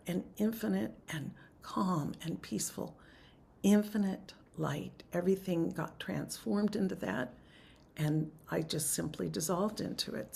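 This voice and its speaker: Soft-spoken woman teaching on a video call. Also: fairly low pitch, vocal fry, husky. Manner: soft, reflective, unhurried. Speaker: Sufi teacher leading an online class. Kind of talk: spiritual teaching and guided chanting.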